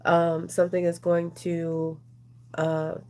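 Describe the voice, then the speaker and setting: A woman's voice: on the low side, monotone, slow, darkish tone, slight background noise. A woman doing a casual, rambling oracle card reading, chatting with her viewers as she goes. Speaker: tarot reader.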